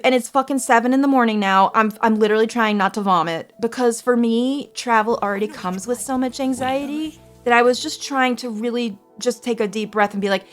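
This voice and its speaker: A woman's voice: on the high side, fairly quick. A tired woman from Canada streaming a casual chat, rambling anxiously and swearing freely. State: tired, short on sleep. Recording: faint music underneath.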